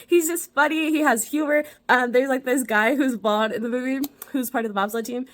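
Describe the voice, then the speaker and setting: A woman's voice: high-pitched, fairly even intonation, fairly quick, a little hiss or hum. A young woman hosting a casual movie review vlog, bubbly and enthusiastic, giggling as she talks.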